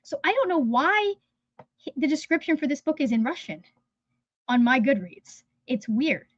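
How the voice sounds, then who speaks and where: A woman's voice: sits high, animated, normal speed, no room sound, highs cut off. A woman hosting a livestream, talking in a rambling, chatty way that often trails off mid-sentence. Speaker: livestream host. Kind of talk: casual livestream chat. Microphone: phone.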